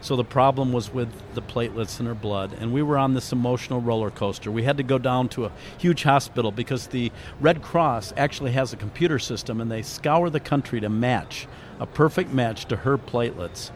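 A man's voice: mid-range voice, fairly quick, slight background noise. A middle-aged man, a guest on a faith radio interview, telling a heartfelt personal story in an earnest, reflective way. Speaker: interview guest, author and ministry founder.

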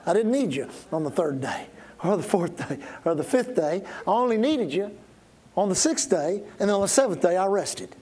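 A middle-aged male pastor preaching a sermon, stressing words through repetition and dropping suddenly to a quiet voice. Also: sits high, sing-song, normal speed.

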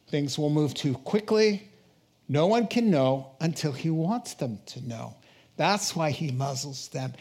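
A male pastor preaching a sermon in a lively way, joking with the congregation and laughing between points. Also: on the high side. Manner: animated, jokes with congregation, laughs often.

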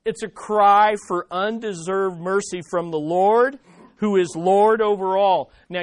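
A pastor preaching a sermon in an animated way, acting out desperate pleas. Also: mid-range voice, dry recording.

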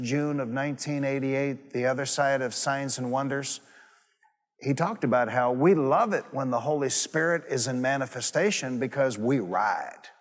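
A male pastor delivers a sermon in a church. His mid-pitched voice carries a long reverb from the big hall around him. He tells his stories with emphatic repetition. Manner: storytelling, repeats phrases for emphasis.

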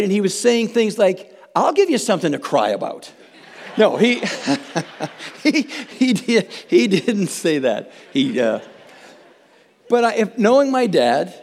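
A high-pitched male pastor gives an earnest, chatty sermon, circling back on his phrases and checking in with listeners. His voice rings out with a long reverb tail from a big church sanctuary. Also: a little mellow. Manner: earnest, chatty, with frequent restarts and tag questions. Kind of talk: conversational sermon. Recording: long reverb from a large hall.

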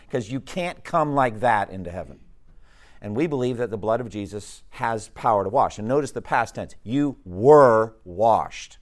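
Emphatic man teaching a Bible class. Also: lowish voice. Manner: conversational, emphatic, poses questions to the class.

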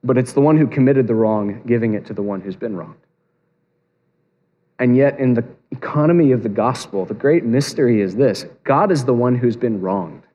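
A man's voice: medium pitch, normal speed, mellow, lo-fi sound. A man preaching a sermon as pastor, earnest and building to emphatic peaks. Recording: long reverb of a large hall.

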